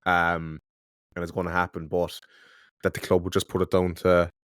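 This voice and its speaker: Calm male co-host, Cork accent, very deep voice, dry close recording. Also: clean tone, dry recording. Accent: Irish, Cork. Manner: calm, measured, steers topics. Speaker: podcast co-host. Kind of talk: casual chat.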